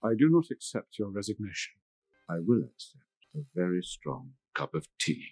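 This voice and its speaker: A grieving nobleman whose very deep, gravelly voice moves slowly and deliberately. He speaks with dry, clipped restraint, close and dry on the mic. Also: big pitch swings, darkish tone, dry recording, soft background music, full character voice. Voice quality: dry, measured, clipped delivery. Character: grieving aristocratic British father, stern yet dry. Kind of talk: film dialogue and recited verse.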